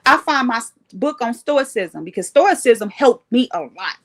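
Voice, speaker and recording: Woman on a live stream telling a story all animated and emphatic, kinda high voice with a gravelly edge. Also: normal speed. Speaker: livestream host sharing recovery story. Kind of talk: casual live-stream chat.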